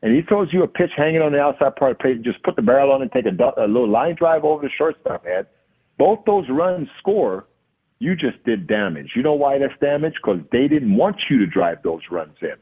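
A man, a hitting coach and podcast guest, telling a lively story and acting out the dialogue. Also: medium pitch, a little fast, slightly rough. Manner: acts out quoted dialogue. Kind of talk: animated storytelling. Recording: tinny phone-like line.

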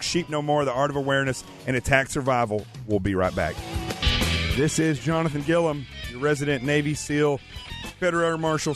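A man's voice: medium pitch, fairly bright tone. A man from the American South filling in as a talk radio host, chatting and joking in the studio while nursing a cold. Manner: joking, chatty, plugs his book. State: has a cold. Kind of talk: casual talk radio banter. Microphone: studio microphone.

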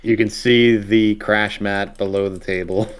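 A man's voice: fairly low pitch, fairly even intonation, measured pace, clear, resonant tone. A man co-hosting a casual podcast chat, mostly giving brief agreements and dry quips. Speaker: podcast co-host.

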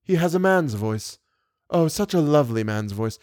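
A man's voice: fairly high pitch, normal speed, dry recording, studio quality, lightly acted. A man voicing a haughty old box-keeper woman. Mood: confiding. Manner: haughty, excitable. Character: indignant gossipy older woman box-keeper.

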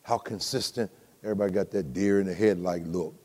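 An older man preaching a sermon, animated and humorous, sometimes shouting. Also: low voice, fairly quick. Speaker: pastor. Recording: reverberant hall recording.

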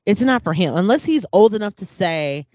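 A woman's voice: mid-range voice, brisk, no echo. A woman in a casual chat, telling stories with animation and acting out what people said. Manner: animated storyteller, acts out quotes. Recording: dull lo-fi dry sound.

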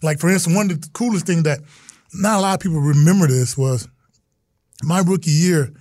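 A middle-aged former football player tells his stories earnestly in a casual interview, acting out the voices of people he quotes. His voice sits a little high for a man. The sound is close and dry. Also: brisk, a little mellow, no room sound.

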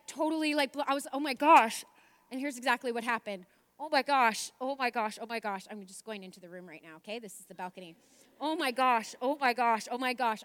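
A woman with a high, bright, piercing voice tells a personal story straight to camera. She is chatty and animated, leans on filler words and acts out exclamations and other people's replies as she goes. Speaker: vlogger telling a personal story. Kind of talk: casual storytelling.

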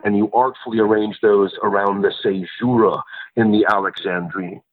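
A man as a poet and translator guest in a literary interview, explaining in a thoughtful way with pauses and restarts. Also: lowish voice, fairly even intonation, no echo. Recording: tinny phone-line sound.

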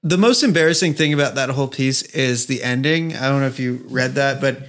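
A man's voice: mid-range voice, fairly quick, a bit bright. A man co-hosting a podcast in casual chat, ranting with sarcasm and crude swearing. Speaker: podcast co-host.

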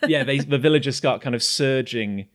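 Halting casual man running a tabletop game. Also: medium pitch. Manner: casual, halting, many fillers. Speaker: game master.

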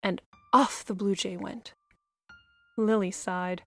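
A woman narrating a children's story in a gentle, expressive way. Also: mid-range voice, takes it slowly, no room sound, faint music behind.

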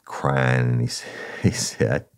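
A middle-aged man with a drawl tells a story to his listeners. His voice sits extremely low and has a rough, gravelly edge. He talks casually and curses freely, calling his audience "y'all". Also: little pitch movement, slow. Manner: folksy and profane, addresses listeners as y'all. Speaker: podcast storyteller, former narcotics officer. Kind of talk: casual first-person storytelling.

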